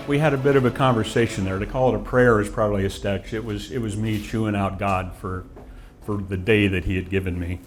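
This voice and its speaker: A man's voice: lowish voice, steady tone, fairly quick, soft background music. A man in his forties giving an earnest, reflective personal testimony, with frequent restarts. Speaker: guest telling his story.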